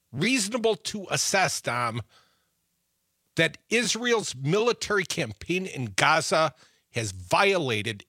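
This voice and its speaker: Animated, sarcastic male talk radio host. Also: a little high, dry recording, clean studio sound. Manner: animated, sarcastic, quick jabs. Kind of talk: political talk radio banter.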